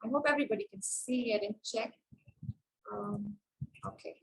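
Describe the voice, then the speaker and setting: Woman teaching public speaking on a video call, pretty high voice, explains stuff then demos it. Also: moderate pace, gravelly, poor audio. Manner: explanatory and demonstrative, shifts tone and stress to model examples. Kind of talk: online workshop talk.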